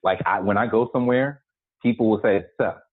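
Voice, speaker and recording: A man's voice: fairly low pitch, brisk, background noise. A man in his forties, a guest calling in, telling stories in a laid-back, joking way and laughing as he goes. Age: 40s. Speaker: guest, actor. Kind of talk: casual storytelling chat. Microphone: phone call. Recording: tinny dry phone line.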